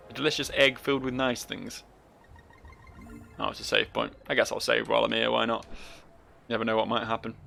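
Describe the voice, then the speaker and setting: Let's play guy, gravelly voice, rambly and self-mocking, swears a lot. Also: medium pitch, pushed and bright. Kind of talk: casual game commentary.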